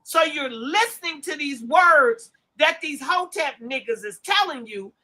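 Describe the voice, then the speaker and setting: A high, bright woman's voice with a wide, lively swing of pitch. She rants bluntly and profanely, scolding her listeners with emphatic, mocking asides. The voice is forceful and sharp. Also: measured pace. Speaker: commentary vlogger. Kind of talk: profane ranting commentary.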